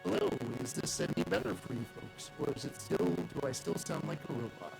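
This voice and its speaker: Gravelly, lively-voiced developer man. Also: medium pitch, fairly quick, soft background music, low-quality recording. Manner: apologetic, checking his audio. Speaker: game developer presenting a segment. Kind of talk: live presentation with mic trouble.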